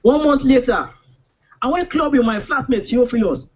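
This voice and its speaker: A man's voice: very high voice, moderate pace, breathy edge, highs cut off. A man with a Nigerian accent performing comic spoken word poetry in a rhythmic, rhyming style, recorded live on a poetry stage. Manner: rhythmic, rhyming delivery with mock-dramatic outbursts.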